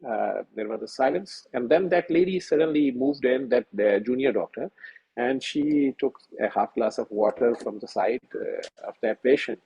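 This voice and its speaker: Gravelly-voiced man telling a story. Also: mid-range voice, mellow, rough recording. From Pakistan. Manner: halting, many fillers and restarts, earnest. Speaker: senior physician. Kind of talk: telling a personal story in a webinar. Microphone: video call.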